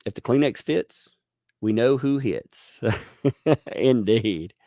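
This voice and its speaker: A man hosting a casual livestream, talking in an animated, rambling way with many restarts while reading viewer donations. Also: mid-range voice, slow, no room sound, clean studio sound.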